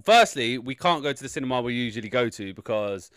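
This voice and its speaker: Male co-host, wry exaggerating storyteller, mid pitch, dead dry mic. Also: expressive, fast, a bit bright, dry recording. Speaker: podcast co-host. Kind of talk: casual chat.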